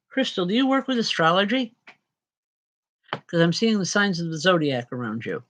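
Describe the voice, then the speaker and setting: A tired woman medium giving live spirit readings to viewers, chatty and unhurried with frequent restarts. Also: fairly low pitch, very animated, fairly bright tone.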